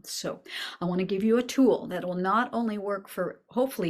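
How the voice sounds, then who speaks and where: A middle-aged woman hosting a talk on young children, speaking casually to viewers, laughing often and dropping to a soft, hushed voice at times. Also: fairly low pitch. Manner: warm, laughing, drops to soft near-whispers. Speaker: host giving parenting advice.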